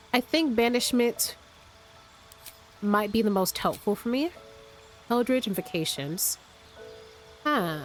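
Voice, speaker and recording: Stuffy, slightly raspy woman thinking aloud. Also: medium pitch. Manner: thinks aloud, rambling with restarts. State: sick, stuffy and a little raspy. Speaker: let's play host. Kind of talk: casual gameplay commentary. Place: room at home.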